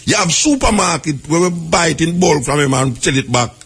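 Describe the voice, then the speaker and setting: A Jamaican man hosting a radio talk show, relaxed and chatty, with lots of short agreeing replies. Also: a little high, brisk, slightly rough. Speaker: radio host. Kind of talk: casual radio chat.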